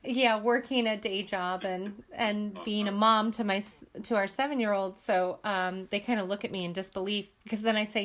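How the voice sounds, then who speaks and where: A woman's voice: medium pitch, fairly even intonation, moderate pace, few pauses, a bit bright. A woman in her thirties, a podcast cast member, chatting casually and laughing often as she talks. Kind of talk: casual chat.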